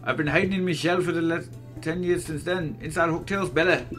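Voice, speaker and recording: A man's voice: a little high, animated, moderate pace, pushed and bright, soft background music, voice pushed up. A man doing a hearty old Scottish-sounding turtle dad. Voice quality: put-on Scottish accent. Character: elderly male turtle father, cheerful and folksy.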